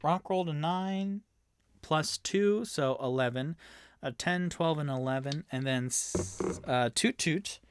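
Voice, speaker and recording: A man's voice: mid-range voice, smooth, dry recording. A young man narrating a solo tabletop game as game master, chatty and prone to self-mocking tangents.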